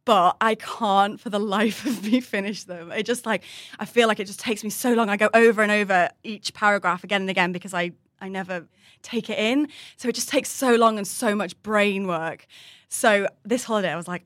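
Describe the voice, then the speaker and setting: A woman's voice: mid-range voice, a little fast, a bit bright, no room sound, studio quality. A woman co-hosting a podcast, telling stories in a rambling, self-deprecating way. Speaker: podcast co-host. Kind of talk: casual storytelling chat.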